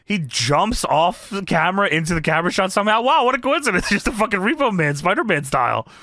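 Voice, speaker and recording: Man, casual podcast co-host, loose and profane, bright voice, dry close sound. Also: sits high, animated, no echo. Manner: loose, profane, quick to laugh. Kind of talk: casual retro review chat.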